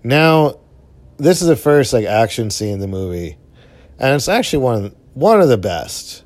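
A man's voice: moderate pace, dry recording. Young guy rambling through a movie, lots of likes and swearing, voice jumps up when hyped. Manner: rambling, filler-heavy, swears casually; enthusiastic, pitch jumps up when excited. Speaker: film commentator. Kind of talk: casual movie commentary while watching.

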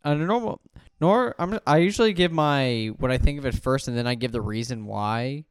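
A man's voice: medium pitch, fairly quick, clean tone. A man guest on a beer podcast, giving his opinion hesitantly and correcting himself as he goes. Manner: hesitant, lively, self-correcting. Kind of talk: casual chat.

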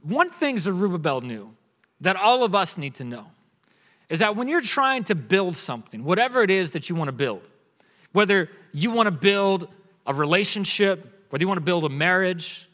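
A man in his thirties preaching a sermon in a church, telling jokes and family stories in a relaxed way. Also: high voice, normal speed. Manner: joking storyteller, acts out his son's voice. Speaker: pastor. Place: church auditorium. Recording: long reverb of a large hall.

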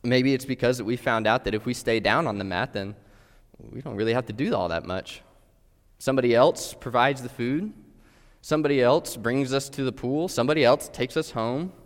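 Man, pastor, earnest sermon, mid pitch, long hall reverb. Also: normal speed. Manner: earnest, direct questions to listeners.

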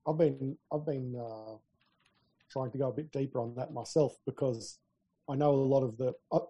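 With a mellow, husky voice at medium pitch, this podcast co-host speaks at normal speed and with fairly even intonation. He's an easygoing talker, telling stories and laughing freely in a casual tech conversation.

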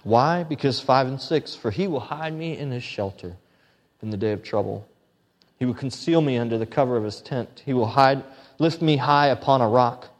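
A man's voice: medium pitch, moderate pace, in a large hall. A man preaching a sermon, reading scripture in an earnest, pleading way and mixing in conversational asides. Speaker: pastor.

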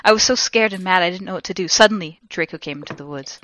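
A woman co-hosting a podcast, reading a story aloud for laughs in an expressive, giggly way. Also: fairly low pitch, fast, lo-fi sound, a little hiss or hum. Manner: expressive and giggly, with sudden loud bursts of laughter. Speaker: podcast co-host. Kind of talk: comedic dramatic reading.

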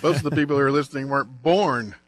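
A man's voice: medium pitch, fast talker, no room sound. An older man co-hosting a radio show, throwing in wry quips. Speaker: radio co-host. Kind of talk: casual radio chat.

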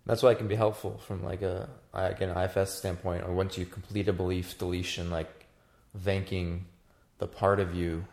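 Low gravelly guy chatting casual, lots of "like", kinda echoey room. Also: a little mellow. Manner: loose, filler-heavy explaining. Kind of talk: casual chat. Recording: roomy echo.

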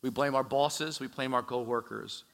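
A man preaching a sermon in a church, chatty and animated, with frequent asides and restarts. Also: mid-range voice, normal speed, creaky. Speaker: pastor. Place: church sanctuary. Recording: echoey large hall.

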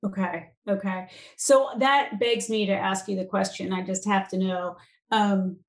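A woman's voice: medium pitch, fairly even intonation, a little slow, echoey room. A woman hosting a podcast interview, encouraging her guest with frequent backchannel responses. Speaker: podcast host. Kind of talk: casual interview.

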